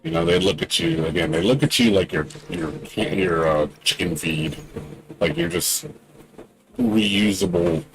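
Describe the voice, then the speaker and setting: Indignant low-voiced man ranting. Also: very animated, a little slow, gravelly, low-quality recording. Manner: indignant, repetitive, many "you know" fillers. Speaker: game streamer. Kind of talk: casual rant during a livestream.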